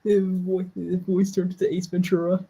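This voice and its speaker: A creator chatting casually while watching back their own fan animation, quick and joking and pointing out small details. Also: mid-range voice, level tone, dark tone, slightly rough, low-quality recording. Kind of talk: casual watch-along commentary.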